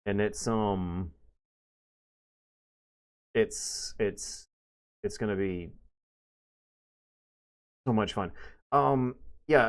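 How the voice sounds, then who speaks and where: Rambling man chatting on a livestream. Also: lowish voice. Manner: rambling, many restarts and fillers, sudden loud bursts. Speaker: streamer. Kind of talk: casual livestream chat.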